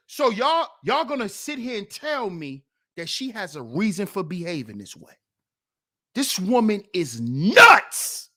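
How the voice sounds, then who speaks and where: Slow, preachy man, lively pitch. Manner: preachy, emphatic, repeats and mocks. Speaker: channel host and commentator. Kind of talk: heated commentary on a played clip.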